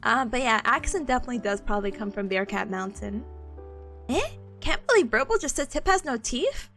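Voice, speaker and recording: Giggly high-voiced young woman streamer. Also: lively intonation, a little fast, fairly bright tone, faint music behind. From southern United States. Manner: giggly, playful, chatty. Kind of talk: casual chat to live chat.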